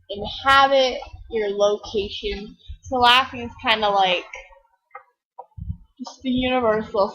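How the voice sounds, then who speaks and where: A high-pitched teenage girl talks slowly and rambles through stories while playing a game, giggling and mocking herself. She sounds a little tired and acts out the people she quotes. The home recording is dull and lo-fi. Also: fairly bright tone, slightly rough. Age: teens. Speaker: gaming video creator. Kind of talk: rambling casual chat over gameplay.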